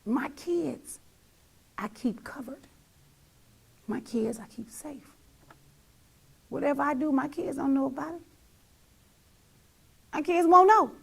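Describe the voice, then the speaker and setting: Middle-aged mom talking about her kids, high-pitched, kinda gravelly, repeats herself for emphasis, goes real quiet sometimes. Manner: emphatic and repetitive, sometimes dropping to a near whisper. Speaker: mother sharing her story. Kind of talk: heartfelt personal testimony.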